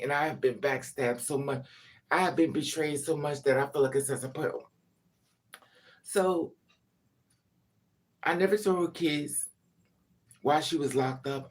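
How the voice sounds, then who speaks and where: A man telling candid personal family stories to camera in a blunt, profane, emphatic way, with frequent asides. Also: a little high. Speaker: vlogger. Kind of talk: candid personal storytelling monologue.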